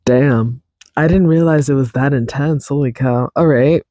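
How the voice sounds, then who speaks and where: A man's voice: medium pitch, moderate pace, dark tone, no echo. A man hosting a podcast alone, rambling in a chatty, self-teasing way. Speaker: podcast host. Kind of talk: casual solo podcast chat.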